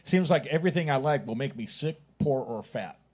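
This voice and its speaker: A man's voice: mid-range voice, expressive, brisk, darkish tone. A man in the room making dry, offhand quips away from the microphone. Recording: distant from the mic.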